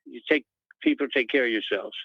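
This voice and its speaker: A man's voice: mid-range voice, brisk, vocal fry, no room sound. A man calling in to a talk radio show, rambling and hesitant, heard over a phone line. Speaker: caller. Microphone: telephone.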